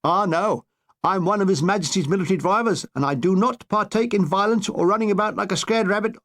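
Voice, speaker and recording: A man's voice: high-pitched, a little fast, a bit bright, voice pushed up. A man voicing a smug young army driver who teases a comrade in a mocking, cheeky way, in a spoken memoir. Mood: teasing.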